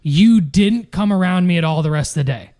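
A man's voice: sits high, lively intonation, brisk, warm tone. A man co-hosting a podcast in casual chat, blunt and exasperated, swearing often. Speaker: podcast co-host.

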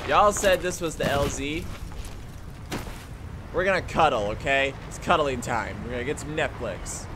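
A man giving casual, jokey commentary over a video game, excitable and prone to yelling. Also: medium pitch, moderate pace. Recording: game noise under the voice. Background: game sounds.

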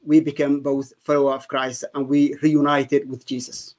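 A man's voice: mid-range voice, level tone, moderate pace. A man, giving an earnest, emphatic personal testimony as an interview guest. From Somalia.

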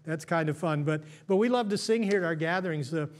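A man's voice: fairly high pitch, fairly quick. An American man, a pastor, preaching a sermon in a conversational way, full of restarts and stammers.

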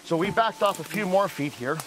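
A young man from northern Canada telling a story in a casual, animated way, re-enacting his own shouts. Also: high-pitched, brisk, noisy background. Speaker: storyteller giving a tour. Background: music playing under the voice.

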